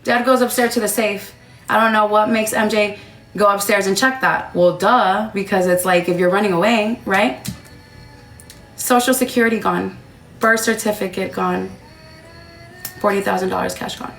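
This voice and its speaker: A woman's voice: mid-range voice, steady tone, moderate pace, long pauses, a bit bright. A woman telling her story to chat on a livestream, blunt and casual. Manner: blunt, talks straight to chat. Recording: roomy echo, faint music.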